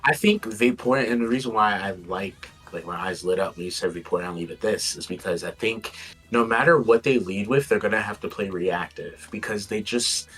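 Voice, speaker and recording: Low-voiced man musing hesitantly. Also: normal speed, husky, faint music behind. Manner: relaxed, hesitant, trailing off. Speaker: guest. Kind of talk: casual strategy chat.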